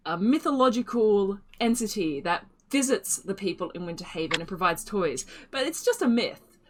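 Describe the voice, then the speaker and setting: A woman narrating a tabletop fantasy game as game master, telling the scene in a lively, relaxed storyteller's way. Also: medium pitch, normal speed, slight background noise.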